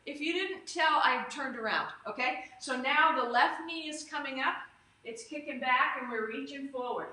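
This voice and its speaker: Over a live stream, a high, bright-voiced fitness instructor talks her stretch and strength class through every move at a moderate pace. Upbeat and chatty, she wanders into small tangents, picked up by a camera or phone as her voice rings around an echoey room.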